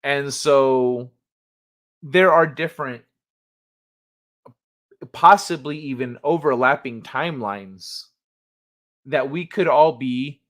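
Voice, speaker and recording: A man hosting a casual livestream chat from the United States, rambling and laughing as he reads chat aloud. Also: medium pitch. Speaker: livestream host.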